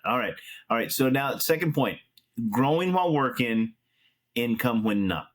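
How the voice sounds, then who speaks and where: A man's voice: mid-range voice, lively intonation, moderate pace. A man hosting a finance chat show, telling stories in an easygoing way and backing up his guest. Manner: easygoing, storytelling, affirming. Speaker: show host. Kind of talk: casual chat.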